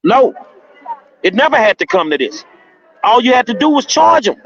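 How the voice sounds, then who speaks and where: A man's voice: very high voice, very animated, moderate pace, gravelly. Emphatic man on a dull phone line. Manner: emphatic, slangy, laughs often. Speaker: protester reporting from the street. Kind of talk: casual phone interview.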